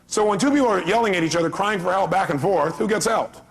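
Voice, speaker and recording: A man's voice: high-pitched, quick pace, slightly rough. A middle-aged man giving a live seminar talk as a motivational speaker, emphatic and firing rhetorical questions at the audience.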